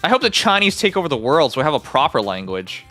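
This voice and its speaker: A Canadian livestreamer chatting casually, animated and mock-indignant, swearing freely. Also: medium pitch, quick pace, faint music behind. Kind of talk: casual live-stream chat.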